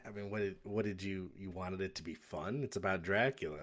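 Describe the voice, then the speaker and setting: Laid-back man in his thirties, lowish voice. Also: fairly quick, a bit bright. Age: 30s. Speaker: guest co-host. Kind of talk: casual chat.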